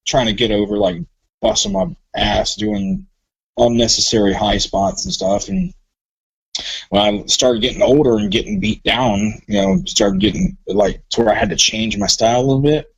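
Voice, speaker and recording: A man's voice: fairly low pitch, moderate pace, vocal fry, slightly rough, no room sound, low-quality recording. A man talking as a podcast guest about his wrestling career, telling stories in a loose, profane way. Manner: profane, animated storyteller. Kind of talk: casual chat.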